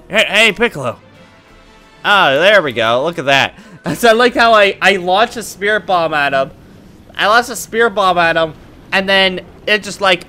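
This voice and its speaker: Excitable man with a bright, lively voice. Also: high voice, moderate pace, faint music behind. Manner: excitable and goofy, reacting loudly to the game. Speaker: gaming YouTuber. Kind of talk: casual let's-play commentary.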